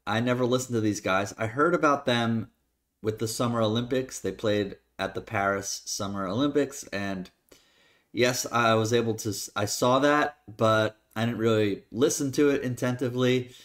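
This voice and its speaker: A man who composes, talking casually as he reacts to a song for his channel, relaxed and plain-spoken with some hesitations. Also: medium pitch, normal speed. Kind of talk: casual reaction video talk. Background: faint music.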